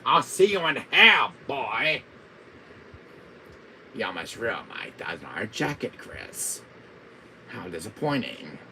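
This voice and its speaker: A man's voice: sing-song, slow pace, pauses often, bright, forceful tone, a little hiss or hum, heavily acted, rough recording. A man putting on the voice of a cold, smug male villain mastermind as a live-stream impression. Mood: mocking. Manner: low, smug, taunting.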